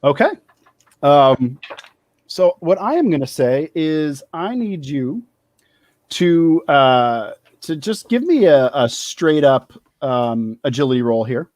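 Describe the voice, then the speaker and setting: A man's voice: fairly high pitch, expressive, a little mellow, dry recording. Guy game-mastering, lots of ums and restarts, dry close sound. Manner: halting, with many fillers and restarts. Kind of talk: narrating a tabletop game.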